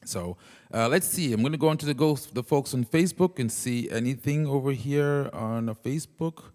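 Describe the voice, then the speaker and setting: Here a man's mid-range, somewhat mellow voice moves at a normal pace, trailed by a long reverb. Holding a wireless mic, he walks his livestream audience through each step of a keyboard demo in a relaxed way, glancing at comments as keyboard music plays and he mixes in some singing.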